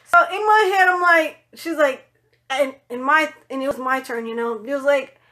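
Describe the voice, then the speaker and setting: A woman telling a personal story in a casual vlog, animated, swearing freely and acting out what other people said. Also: moderate pace. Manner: animated, swearing, acts out quoted voices in higher pitch.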